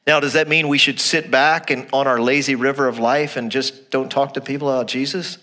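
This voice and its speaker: A man preaching a sermon to his congregation in a church. He is animated, asks rhetorical questions and repeats his phrases. He drops to a low, quiet voice to stress a point. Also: a little fast. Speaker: pastor.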